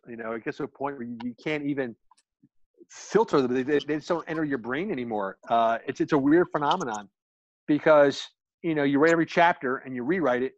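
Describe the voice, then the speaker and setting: A man's voice: mid-range voice, dry recording, dull audio. A man chatting candidly on a video call, telling rambling stories about writing and recording his book. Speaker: author and guest. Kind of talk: casual group chat.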